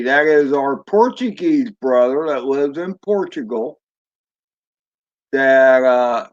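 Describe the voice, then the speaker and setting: Slow-talking man in casual stream chat. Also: medium pitch, muffled recording. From Florida. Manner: rambling, chatty, reads chat aloud. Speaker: drone hobbyist streamer.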